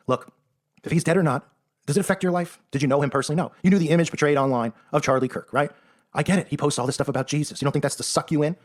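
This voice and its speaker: An online commentator rattles through a monologue in a fairly high-pitched, rapid-fire voice. His tone is sarcastic and emphatic, and he frequently ends points with "right?"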